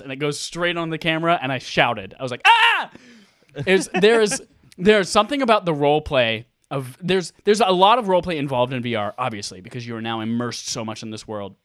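A man co-hosting a casual gaming podcast, excitable, swearing freely and acting out his own reactions. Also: on the high side, no room sound, clean studio sound. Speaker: podcast co-host.

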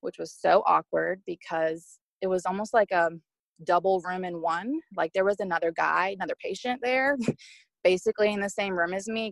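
Young woman, podcast guest, slightly low with a gravelly edge, recounts her experience openly. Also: dry recording. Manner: candid, emotional retelling with quoted speech. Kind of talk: personal storytelling.

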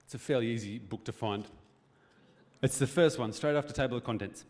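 A man's voice: medium pitch, fairly quick, darkish tone. A man preaching a sermon as pastor, in a conversational, joking way with rhetorical questions. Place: church hall.

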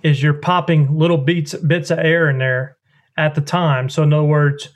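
Man, folksy and rambling, slightly high voice, podcast guest. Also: steady tone, moderate pace. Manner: folksy, rambling, hands-on explainer. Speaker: duck call maker, guest. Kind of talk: podcast interview, explaining technique.

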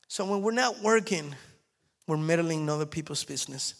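A man's voice: a little high, a little fast. A male pastor preaching a sermon, telling stories animatedly and repeating key phrases. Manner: animated storytelling, acts out quotes, repeats phrases.

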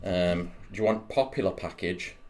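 A man's voice: low-pitched, moderate pace, darkish tone. A man co-hosting a podcast, chatting casually, swearing and laughing often in playful banter. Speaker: podcast co-host. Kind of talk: casual chat.

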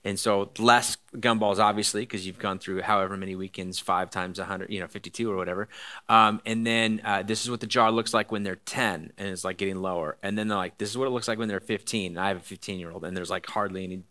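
A man's voice: sits low, steady tone, fast, pushed and bright. A man in his forties giving a casual, rambling sermon as a pastor, full of fillers, restarts and jokey asides.

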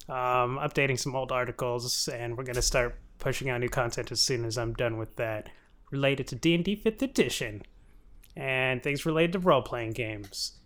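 Bright-voiced man, animated podcast recap. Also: medium pitch, smooth. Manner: animated, laughs often, acts out characters in quick bits. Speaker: podcast co-host. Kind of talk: casual chat, recapping a show.

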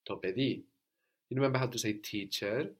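Man, patient tutor in a one-on-one language lesson, mid voice, slow model phrases. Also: mid-range voice. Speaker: language teacher.

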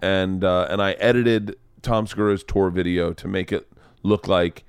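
A man hosts a podcast in a relaxed conversational way, often laughing along with his guest. His voice sits low, and the recording is dry and close. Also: normal speed, clean tone, no echo. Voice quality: laughs along, short backchannel replies. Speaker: podcast host. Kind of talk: casual chat.

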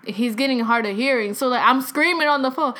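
A young woman in her twenties tells a rambling story, filling it with filler words and curses. Her voice sits high and bright, and she talks in a loose, chatty way. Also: brisk. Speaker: vlogger. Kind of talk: casual storytime.

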